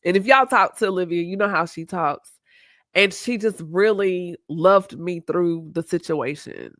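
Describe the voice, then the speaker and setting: A woman, hosting a podcast and talking candidly and reflectively, quoting people in lively voices. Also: fairly low pitch, unhurried, dry recording, studio quality. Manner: reflective, open, quotes herself and others in lively voices. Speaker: podcast host. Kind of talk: candid conversational chat.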